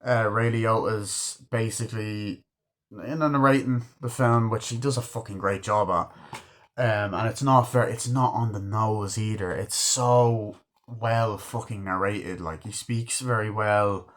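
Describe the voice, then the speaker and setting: A man's voice: fairly low pitch, steady tone, measured pace. A man casually reviewing a film, enthusiastic and swearing constantly while he acts out scenes. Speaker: movie reviewer. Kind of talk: casual movie review chat.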